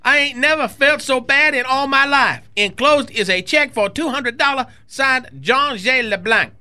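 A man's voice: moderate pace, pushed and bright, full character voice. A man voicing a man, in a comic radio skit. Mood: folksy storytelling. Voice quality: exaggerated high-pitched put-on voice. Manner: breaks character laughing. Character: Cajun man Justin LeBlanc, big appetite.

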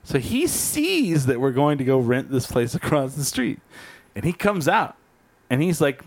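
A man telling a story in casual chat, animated and swearing freely. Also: mid-range voice, normal speed.

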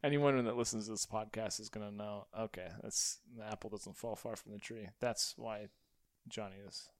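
A young adult man hosting a podcast and interviewing his father, playful and quick to laugh. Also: fairly low pitch, fairly even intonation, no room sound. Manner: playful, laughs often, upbeat. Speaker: podcast host.

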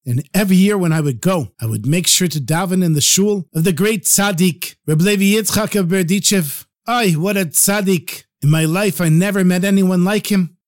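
A man's voice: high voice, no echo, studio quality, close to an everyday voice. A man voicing a frail old man who fondly recounts his memories. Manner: reminiscing, affectionate.

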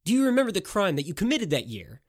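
A man's voice: high-pitched, huge pitch swings, quick pace, no echo, clean studio sound, pitched above the performer's own voice, exaggerated voice. A man doing a vengeful masked stranger. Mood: accusing. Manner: accusing, relentless.

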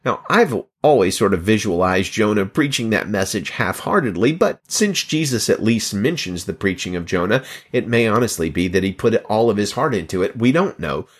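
Lively, earnest man hosting a Bible podcast. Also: lowish voice, moderate pace, hardly any pauses, husky. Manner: earnest, encouraging, expressive storytelling. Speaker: podcast host. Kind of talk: Bible reading and teaching podcast.

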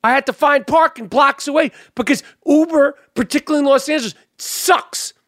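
A man's voice: very high voice, a little fast, a bit bright, no echo, studio quality. A man hosting a podcast, telling stories in casual chat, heated and full of swearing. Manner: profane, heated storytelling. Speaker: podcast host.

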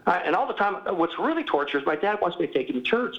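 Gravelly older man, animated and self-mocking. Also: on the high side, brisk, highs cut off. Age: 60s. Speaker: former pastor, guest. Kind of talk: candid interview talk.

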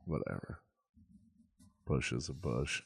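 A man co-hosting a podcast, mostly adding short deadpan jokes. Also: very deep voice, takes it slowly, gravelly, breathy edge, dry recording, clean studio sound. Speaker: podcast co-host. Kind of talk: crude casual banter.

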